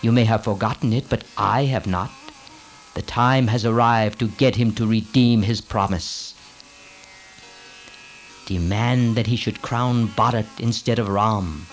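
A man's voice: lowish voice, fairly even intonation, unhurried, soft background music, close to an everyday voice. A man voicing a scheming woman servant who presses her queen with insistent commands in a storybook reading.

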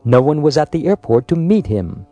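A man reading a biographical story aloud in a measured, scripted narration. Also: on the high side, very animated, mellow, dry recording, lo-fi sound, faint music behind. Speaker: audiobook narrator.

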